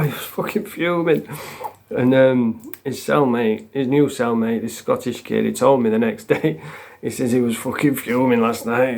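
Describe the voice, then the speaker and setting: A man casually telling stories, rambling, swearing freely and chuckling as he goes. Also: medium pitch. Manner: acts out quotes with shouts. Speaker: vlogger. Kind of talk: casual storytelling.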